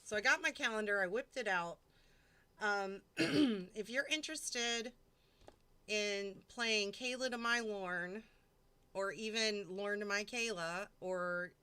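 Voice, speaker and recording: A woman hosting a live stream chats casually, rambling, swearing often, and giggling between thoughts as she reads out the chat. Her voice is on the high side, pushed and bright, with a clean tone.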